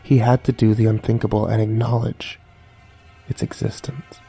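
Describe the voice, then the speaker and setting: A man reading a horror story aloud in a measured, dramatic narration. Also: on the low side, flat delivery, mellow, husky. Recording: faint music underneath.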